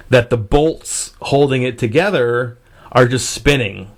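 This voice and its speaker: A man's voice: medium pitch, a little slow. A man hosting a podcast, telling a story in a casual way, swearing freely and filling gaps with "uh" and restarts. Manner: profane, rambling with fillers and restarts. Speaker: podcast host.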